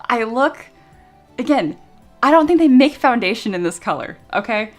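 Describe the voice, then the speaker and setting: A woman's voice: on the high side, animated, moderate pace, faint music behind. A young woman chatting casually on a live stream, giggly and self-mocking, swearing freely as she reads chat. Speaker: streamer and 3D sculptor.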